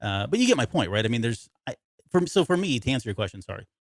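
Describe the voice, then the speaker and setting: A man's voice: medium pitch, very animated, quick pace, vocal fry, no room sound, studio quality. A man co-hosting a podcast in casual chat, rambling and self-interrupting, often laughing. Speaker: podcast co-host.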